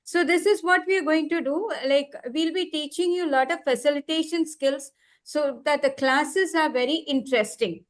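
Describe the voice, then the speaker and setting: A woman with a high voice runs an online training session, explaining each step patiently. She repeats key words and slows down to spell out her examples. The sound comes through a computer mic on a video call. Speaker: trainer leading an online workshop. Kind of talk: live online workshop instruction.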